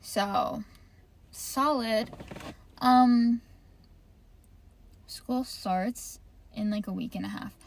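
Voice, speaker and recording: Parked in her car, a young podcast host rambles through a casual chat, getting distracted and cursing freely. Her voice is on the high side with vocal fry, and she speaks extremely slowly with long pauses.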